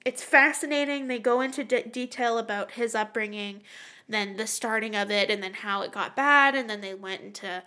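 Bright, animated young woman podcaster. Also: on the high side, moderate pace. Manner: animated, swearing, trailing off and restarting. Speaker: podcast co-host. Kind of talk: casual chat.

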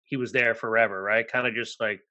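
A man's voice: fairly low pitch, steady tone, a little fast, pushed and bright. A man co-hosting a casual interview, asking questions in a conversational way and often checking in with "right?". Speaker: podcast co-host.

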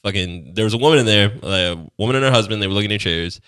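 A man's voice: fairly low pitch, fast talker, fairly bright tone, clear, resonant tone, dry recording. A man in casual group chat, telling a story from his retail job with lots of swearing and acted-out quotes. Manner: storytelling, laughing, swearing, acting out people in his stories.

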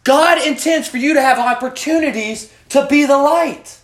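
Speaking at normal speed in a very high-pitched, fairly bright voice, a man runs a youth Bible study for students in an echoey room. He takes a preachy tone and quizzes them, addressing each by name.

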